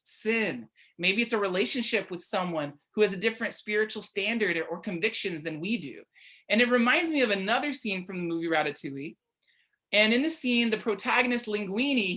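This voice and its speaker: A woman's voice: mid-range voice, fairly bright tone. A young woman giving a casual, conversational midweek sermon, often checking in with her listeners by asking "right?". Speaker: church speaker.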